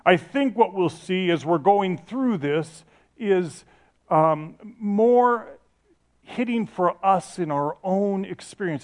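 A middle-aged man preaching a sermon with a fairly high voice. He speaks passionately, telling stories and restarting his sentences as he goes. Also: animated, slow. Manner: passionate, storytelling with restarts and self-corrections. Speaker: pastor.

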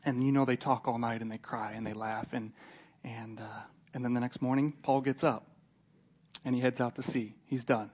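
A male pastor preaching a sermon, telling the story with lively character voices and swings from loud to hushed. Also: medium pitch, moderate pace, slightly rough.

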